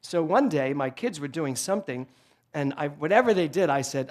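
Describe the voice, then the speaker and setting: A male minister delivering a sermon in a church, telling humorous stories in an animated, joking way into a handheld microphone. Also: on the high side, a little slow, long pauses, slight background noise. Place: church sanctuary before a congregation.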